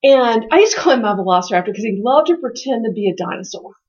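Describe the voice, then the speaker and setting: A woman with a high voice tells family stories in an animated, chatty way. The sound is a little dull and lo-fi, like a modest podcast setup. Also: quick pace. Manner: animated storytelling, acting out family quotes. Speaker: co-host, parent speaker. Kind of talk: conversational podcast talk.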